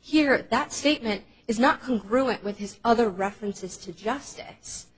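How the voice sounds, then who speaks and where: A woman serving as government counsel, giving a formal, measured oral argument in a courtroom. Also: fairly high pitch, husky, rough recording. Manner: measured, structured legal argument.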